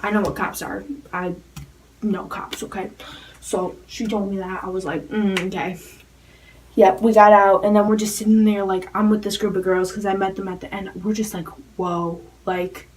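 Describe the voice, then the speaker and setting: A teenage girl telling a story to camera, talking fast and rambling, with "like" in nearly every phrase. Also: medium pitch, fairly even intonation, a little mellow, far from the mic, slight background noise, low-quality recording. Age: teens. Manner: rapid rambling with constant "like" fillers. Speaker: fan vlogger.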